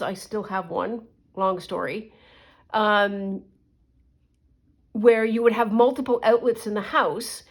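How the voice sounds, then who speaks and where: Chatty middle-aged woman telling a rambling story. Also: mid-range voice. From Canada. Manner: rambling, chatty, with asides and restarts. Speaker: crafting vlogger. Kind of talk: casual storytelling while crafting.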